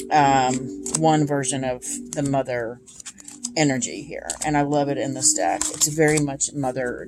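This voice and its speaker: A woman in her thirties chatting casually and gushing about her tarot decks, with many ums. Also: a bass voice. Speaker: tarot deck reviewer. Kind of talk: casual chat. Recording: noisy home recording.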